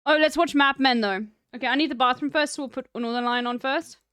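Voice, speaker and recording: A woman's voice: high voice, fast, a bit bright, clear, resonant tone, dry recording, studio quality. A young South African woman with a South African accent, chatting casually and profanely on her stream. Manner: profane, rambling, laughing asides.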